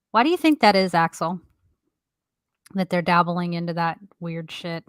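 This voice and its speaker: A woman's voice: fairly low pitch, a bit bright, clear, resonant tone, no echo. Woman in her thirties, co-host, casual podcast chat, frank and earnest, dry close sound.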